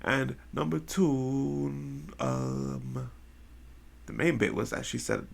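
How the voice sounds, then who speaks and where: A man giving casual gameplay commentary with slangy, excitable reactions. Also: mid-range voice, slow, vocal fry, breathy edge. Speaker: gaming video host.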